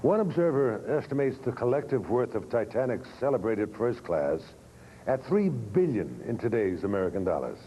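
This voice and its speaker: A man hosting and narrating a documentary in a measured, dramatic, scripted delivery. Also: mid-range voice, dark tone, lo-fi sound, slight background noise.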